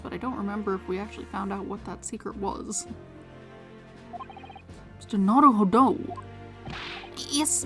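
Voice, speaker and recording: A woman streamer musing casually aloud as she plays a game. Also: medium pitch. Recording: game music behind.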